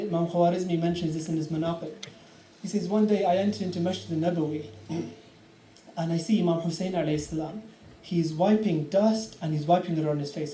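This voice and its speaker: A man whose voice sits high preaches with passion, narrating stories and calling out quoted prayers in loud cries. He is recorded from far away in the echoing hall of an Islamic centre, where faint ambience and slight background noise can be heard.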